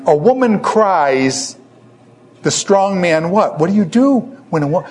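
A male preacher giving an animated, conversational sermon, asking the audience questions and joking about himself. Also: high-pitched, measured pace. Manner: self-deprecating humor.

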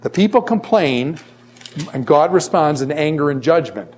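Man in his fifties, classroom lecturer, slightly high voice, chatty and repetitive. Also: animated, moderate pace, darkish tone, slight background noise. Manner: conversational, repeats phrases, acts out quoted voices. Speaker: teacher.

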